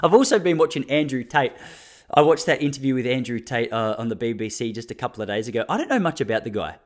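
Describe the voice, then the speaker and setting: A man's voice: medium pitch, animated, fast talker. Aussie bloke in his 30s ranting on his podcast, blunt and worked up, acts out what people say. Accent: Australian. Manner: fired-up, blunt, laughs often, acts out quotes. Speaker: podcast host. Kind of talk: casual solo podcast monologue.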